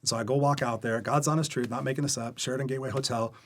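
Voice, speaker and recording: A man guesting on a podcast, talking at a rapid clip in a voice that is neither high nor low. He tells his stories with energy and candor. He slips into the other characters' lines as he recounts them. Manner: energetic, candid storyteller who acts out quoted dialogue. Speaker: guest coach. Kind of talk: storytelling interview chat. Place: podcast recording.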